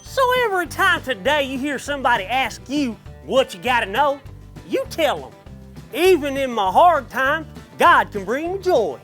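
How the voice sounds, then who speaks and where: A woman's voice: high-pitched, sing-song, normal speed, a bit bright, soft background music. A woman voicing a cheerful, playful bayou character with a Cajun Louisiana drawl in a children's church video. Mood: upbeat.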